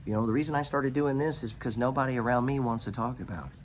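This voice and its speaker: A middle-aged American man at an ordinary pitch, hosting his own podcast and ranting about money. He talks bluntly, swears freely, rambles and preaches motivation straight at the listener. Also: quick pace, a little hiss or hum. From United States. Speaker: podcast host giving money advice. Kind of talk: unscripted motivational rant.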